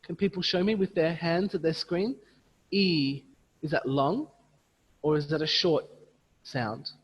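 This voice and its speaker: A man leading an online teacher training, patiently modelling words slowly and repeating them for his audience over a video call. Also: fairly high pitch, fairly even intonation, breathy edge, big-room sound, muffled recording. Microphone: computer mic on a video call.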